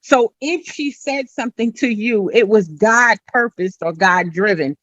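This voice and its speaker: A woman's voice: medium pitch, a little slow, fairly bright tone, dry recording, lo-fi sound. A middle-aged woman giving an earnest personal testimony as an interview guest, retelling conversations with frequent asides.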